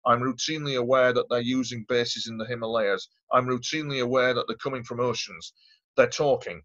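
A man's voice: mid-range voice, steady tone, a little fast, fairly bright tone, lo-fi sound. A man, a guest telling a long story in an interview, earnest and rambling, often repeating himself.

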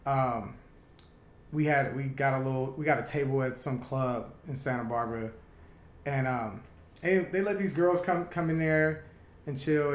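A man in casual conversation, telling stories in an animated, profane way and laughing often. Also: mid-range voice, roomy sound. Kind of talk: casual chat, storytelling.

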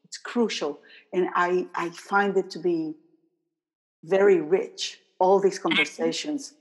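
A woman hosting an interview, talking in a halting way as she searches for words. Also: lowish voice, steady tone, husky. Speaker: podcast host. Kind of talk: casual conversation.

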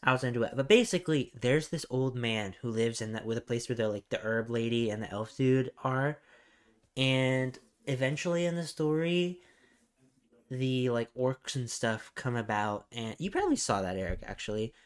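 A man's voice: mid-range voice, normal speed, clean tone. Profane rambling young man. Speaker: podcast co-host. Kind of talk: casual chat.

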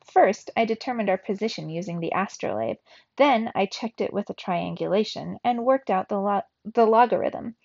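A woman voicing a clever, proud young female mouse adventurer in a storybook read-aloud, excited and smug. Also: mid-range voice, moderate pace, creaky, dry recording. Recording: slightly dull lo-fi recording.

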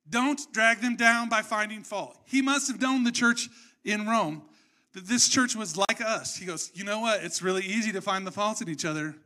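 Young guy pastor, sermon, kinda high bright voice, jokey and chatty, does little voices for quotes. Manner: conversational and joking, acts out quotes.

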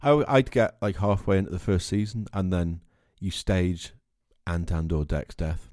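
A man's voice: low voice, fairly even intonation, measured pace, a little mellow, no room sound, studio quality. A man co-hosting a podcast, chatting casually and comically, swearing often and laughing a lot. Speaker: podcast co-host. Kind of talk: casual comedic chat.

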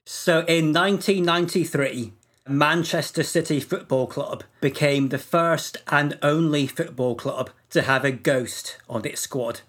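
A man co-hosting a comedy podcast, telling odd facts in a dry, deadpan way. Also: on the high side, measured pace. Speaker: podcast co-host presenting facts. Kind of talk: casual comedic podcast chat.

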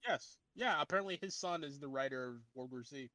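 Male podcast host, bright and animated, quick to laugh. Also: medium pitch, no room sound. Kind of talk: casual chat.

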